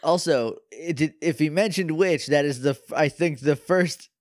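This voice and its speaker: A man's voice: fairly high pitch, normal speed, dry recording, clean studio sound. A man co-hosting a casual podcast, joking and often laughing as he reacts to his co-host. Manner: laughs often, jokes and chimes in with short reactions.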